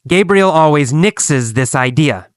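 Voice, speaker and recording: Deliberate English teacher, clear voice. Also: male voice, on the high side, expressive, no echo. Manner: slow, deliberate, repetitive drilling. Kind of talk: English listening lesson.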